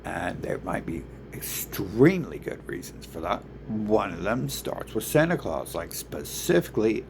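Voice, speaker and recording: Gravelly guy ranting to camera, swears nonstop, keeps restarting sentences, faint noise behind. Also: lowish voice, big pitch swings, unhurried. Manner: profane, swearing constantly. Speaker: vlogger.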